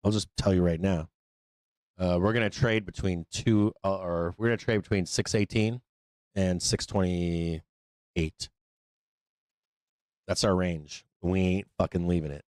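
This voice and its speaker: A deep-voiced man hosting a live market stream, talking off the cuff with plenty of swearing and "like" and "uh." His voice sits close and dry, with no room sound around it. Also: steady tone, measured pace, long pauses, a little mellow, no echo. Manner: loose, profane, rambling with fillers. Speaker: trading show host.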